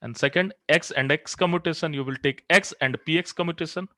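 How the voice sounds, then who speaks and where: A man's voice: fairly high pitch, fairly quick, pushed and bright, dry recording. A man teaching physics in a classroom. He works through equations step by step and asks the class questions that he then answers himself. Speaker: physics lecturer. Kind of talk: classroom lecture.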